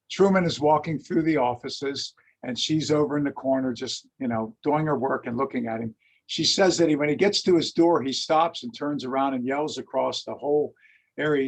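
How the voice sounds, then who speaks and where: A man lecturing on history, telling anecdotes in a lively storytelling way and acting out the quotes. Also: mid-range voice, slightly rough. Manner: animated storyteller, acts out quotes. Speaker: lecturer and teacher.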